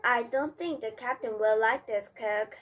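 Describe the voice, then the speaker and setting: A woman reading the lines of a worried pirate crew, raising her pitch and pleading. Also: measured pace, fairly bright tone. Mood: fretful. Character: worried crowd of pirate sailors.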